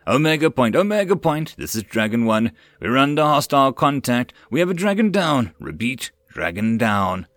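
A man's voice: medium pitch, expressive, moderate pace, hardly any pauses, a bit bright, no echo, voice pushed up, natural voice. A man voicing a commanding male officer riding a dragon, barking orders over the radio. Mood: urgent.

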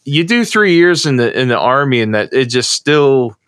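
A man's voice: medium pitch, lively intonation, moderate pace, fairly bright tone, no echo, clean studio sound. A man from the United States, co-hosting a casual podcast chat, telling a long story with many restarts. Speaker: co-host.

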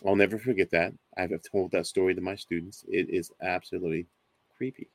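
A man in his forties casually telling a ghost story as a guest, animated and acting out other people's voices. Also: sits low, fairly quick, no echo. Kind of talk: casual storytelling on a talk show.

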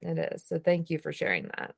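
A woman's voice: low voice, sing-song, brisk, creaky. A woman hosting a podcast interview, thanking her guest and prompting him with upbeat questions. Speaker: podcast host.

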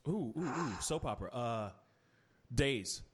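A man's voice: mid-range voice, unhurried, breathy edge. A man hosting a podcast, chatting casually and ranting animatedly about TV shows. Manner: animated, ranting with mocking quoted voices. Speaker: podcast host. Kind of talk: casual chat.

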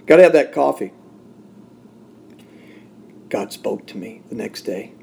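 A man, a Christian podcast host, giving an emotional personal testimony in a studio, swinging from loud and high to soft and hushed. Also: expressive, a little slow, creaky, husky.

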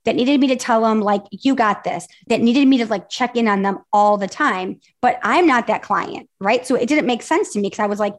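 A woman's voice: a little high, fairly quick, hardly any pauses. A woman in her forties, a business mentor guesting on a podcast, talking openly and retelling past conversations in a chatty way. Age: 40s. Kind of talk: casual interview chat.

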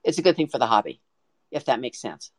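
A woman guest on a podcast, telling a story in an excited, animated way with frequent restarts. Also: very deep voice, fast talker, slightly rough, dry recording. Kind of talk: casual storytelling.

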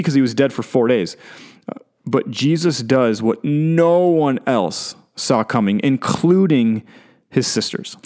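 Man preaching a casual, animated sermon. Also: mid-range voice. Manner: casual and animated, restarts and repeats words. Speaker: pastor. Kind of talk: conversational sermon.

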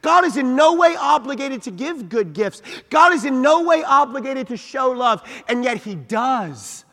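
Pastor guy preaching, really high voice, goes quiet then loud, big echoey church. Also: sing-song, a little slow. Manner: preaching with swings from soft asides to shouted peaks; reads scripture in old-fashioned wording. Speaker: senior pastor. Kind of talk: sermon. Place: church sanctuary. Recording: long reverb of a large church hall.

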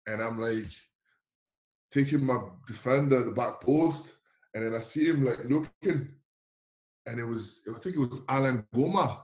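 Animated man telling a football story. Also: mid-range voice. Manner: animated, acts out dialogue with laughs. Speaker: former footballer. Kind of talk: casual anecdote telling.

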